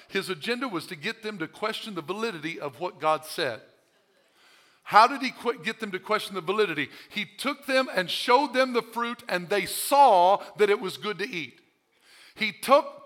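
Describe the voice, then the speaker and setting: A man's voice: very high voice, bright, forceful tone. A male pastor preaching a sermon, emphatic and full of rhetorical questions.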